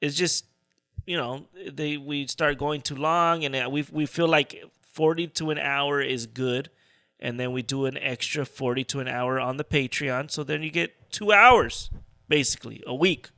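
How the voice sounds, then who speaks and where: A man co-hosting a podcast in casual chat, teasing his partner and reading shout-outs. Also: fairly high pitch, moderate pace. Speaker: podcast co-host.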